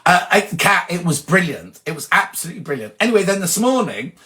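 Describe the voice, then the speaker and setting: A chatty man hosts a relaxed live stream, reading out viewer messages and rambling into gossip. His voice sits a little higher than most men's. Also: fast talker. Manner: chatty, gossipy, reads comments aloud and rambles into anecdotes. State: sneezing from hay fever. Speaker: host reading viewer comments. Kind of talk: casual live-stream chat.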